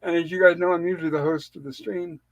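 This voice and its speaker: A high-pitched man hosting a casual live stream, his voice sounding a little weak. He talks in an easygoing, jokey way with his co-hosts. The sound is dry and close. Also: little pitch movement, fast talker, creaky, dry recording, dull audio. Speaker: livestream host. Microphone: remote call on a streaming panel.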